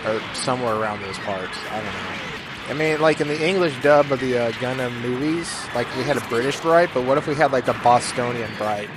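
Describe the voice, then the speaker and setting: A man giving rambling, jokey gameplay commentary, with sudden loud bursts of excitement. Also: medium pitch, a little fast, noisy background. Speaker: gaming YouTuber. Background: game music.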